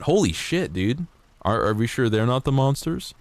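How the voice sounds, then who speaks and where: A man's voice: medium pitch, big pitch swings, moderate pace, no echo. A man streaming a game, chatting casually and jokingly, swearing often and reading game text aloud. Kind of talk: casual gameplay commentary. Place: home streaming setup.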